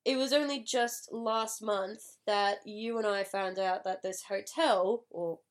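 A woman's voice: mid-range voice, steady tone, slow. An Australian woman in her twenties or thirties hosts a casual podcast, talking earnestly and a little ranty. A cold has made her voice nasal, and the sound is dry and close, with no room echo. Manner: earnest, chatty, ranting. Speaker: podcast host.

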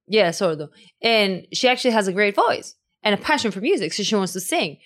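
A woman's voice: medium pitch, big pitch swings, a little fast. A young woman telling stories in a casual podcast chat, filling her speech with "like". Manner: storytelling, peppered with "like".

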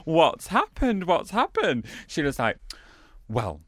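A man co-hosting a casual chat, telling a story with lively acted-out voices. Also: on the high side, slow, no room sound, clean studio sound. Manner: animated storytelling, acts out voices of others. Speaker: co-host.

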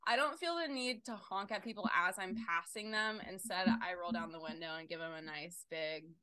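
Young female podcast co-host: bright voice, animated, swears freely, dry close mic. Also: lowish voice, normal speed, dry recording. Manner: animated storytelling, swears freely, loud outbursts. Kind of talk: casual chat.

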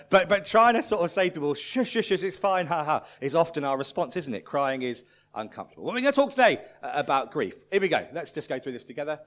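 A man preaching in a church, telling a story and swinging from loud to hushed. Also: on the high side. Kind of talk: sermon with storytelling.

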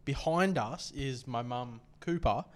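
A man's voice: mid-range voice, slow pace. A young man, co-hosting a podcast and telling a story in a loose, rambling way, laughing as he goes. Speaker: podcast co-host. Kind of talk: casual storytelling chat.

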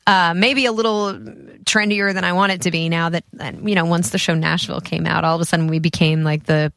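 A woman's voice: lowish voice, fairly even intonation, fairly quick, creaky, a bit bright, dry recording. A woman in her forties, from the US East Coast, chatting casually as a podcast guest, self-deprecating and full of restarts. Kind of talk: casual chat.

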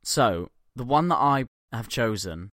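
A man's voice: mid-range voice, lively intonation, measured pace, fairly bright tone, no echo, clean studio sound. A man co-hosting a podcast in casual banter, profane and jokey, laughing often. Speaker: podcast co-host.

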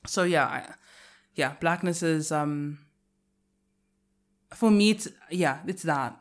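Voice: mid-range voice, slow pace. A podcast co-host in reflective casual conversation, thinking aloud with many restarts and trailing clauses.

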